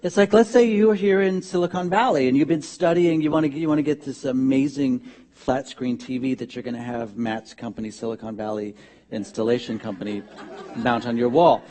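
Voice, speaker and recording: A man with a medium-pitched voice speaks fairly quickly as he gives a humorous, conversational sermon in a church sanctuary, breaking off into animated asides.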